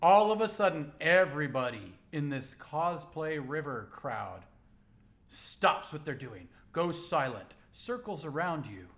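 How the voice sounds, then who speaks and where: A man running a tabletop game as game master, narrating scenes and calling for rolls in an animated way. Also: fairly high pitch, unhurried. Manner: animated, breaks into excited crowd voices.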